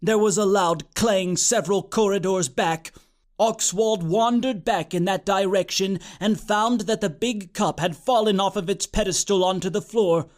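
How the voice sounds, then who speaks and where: A man narrating a comic fantasy storybook in a deadpan, quick way. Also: high voice.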